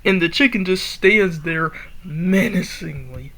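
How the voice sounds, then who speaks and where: A woman's voice: lowish voice, a little slow. A woman reading her own fan story aloud in a casual way, giggling and stopping to comment on the characters. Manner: giggly, animated, breaks off to comment and laugh.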